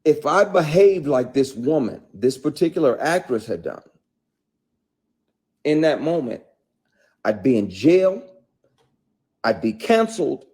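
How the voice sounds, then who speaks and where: He speaks fairly high, with a sing-song lilt, a measured pace, frequent pauses, and a darkish, husky tone. The actor is live-streaming without a script, addressing viewers bluntly and angrily with plenty of profanity and repeated points.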